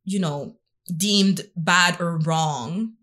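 Animated, laughing woman telling stories. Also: lowish voice, drawn-out words. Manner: animated storytelling, laughs often, acts out quotes. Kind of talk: casual conversation.

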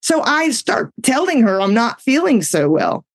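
A woman, telling personal stories in casual talk, animated and laughing often as she acts out the voices in her story. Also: fairly high pitch, measured pace, vocal fry, breathy edge, no room sound. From Southern United States.

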